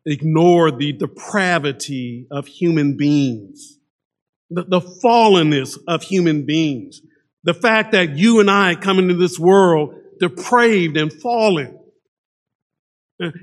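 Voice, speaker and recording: Slow, high-voiced male preacher. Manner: emphatic, swings between loud stress and low hushed lines. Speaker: pastor. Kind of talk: sermon.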